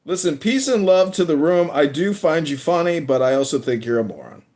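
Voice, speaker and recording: A man in a live audio chat room arguing politics in an exaggerated put-on Jamaican-style accent, shouting insults and laughing mockingly. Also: a little high, sing-song, brisk.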